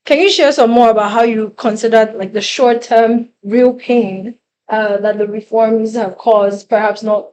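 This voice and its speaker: A woman's voice: fairly high pitch, fairly even intonation, a little slow, darkish tone. A woman moderating a panel, asking probing questions with frequent backchannels. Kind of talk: conversational panel discussion.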